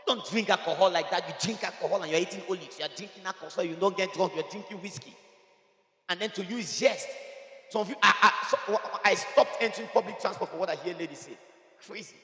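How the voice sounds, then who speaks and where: A male pastor delivers a sermon in a fairly high voice. He teases the congregation with quiet asides, then drives his points home at full shout. The sound rings with the long reverb of a church hall. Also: quick pace. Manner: emphatic, swings from soft asides to shouting; teasing the congregation.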